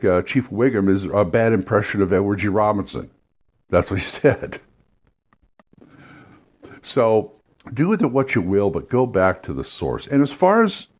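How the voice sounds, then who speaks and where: A game master with a lowish, darkish voice offers loose, rambling tips on doing voices and accents. He keeps restarting his sentences and slips in quick demos of impressions and accents as he goes.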